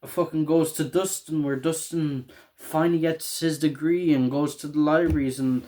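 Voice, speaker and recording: A young man, casually recapping a show in a rambling, excitable way with a lot of swearing and laughter. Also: fairly high pitch, normal speed.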